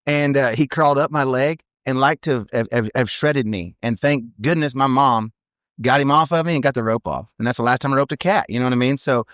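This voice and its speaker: A man in his thirties tells rodeo stories at a rapid clip, rambling and animated, checking in with "you know what I mean". His voice sits close and dry, at a middle pitch. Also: no room sound. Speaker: professional team roper, podcast guest. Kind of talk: casual storytelling in a podcast interview.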